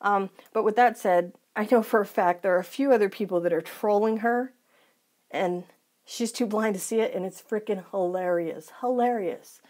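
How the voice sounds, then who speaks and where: A woman's voice: medium pitch, normal speed, a little mellow. A woman vlogger ranting emphatically and sarcastically to her viewers. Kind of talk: vlog rant.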